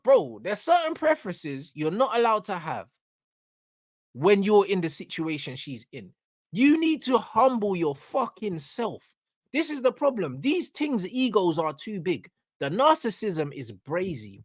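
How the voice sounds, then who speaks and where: Man, reaction host, mocking rant, pitch all over the place, dry close sound. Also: big pitch swings, a little slow, no echo. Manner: brash, mocking, swings from loud to muttered. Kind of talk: ranting reaction commentary.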